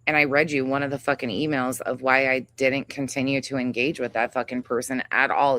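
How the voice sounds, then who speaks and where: Flat in delivery and fairly quick with few pauses, a woman with a bass voice and fairly bright tone hosts a livestream. She rants angrily with heavy profanity, calling out another creator and reading chat names aloud.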